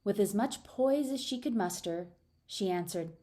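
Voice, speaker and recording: A woman narrating an audiobook, lively in dialogue. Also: unhurried. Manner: expressive, raises pitch for dialogue. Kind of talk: audiobook narration with character voices.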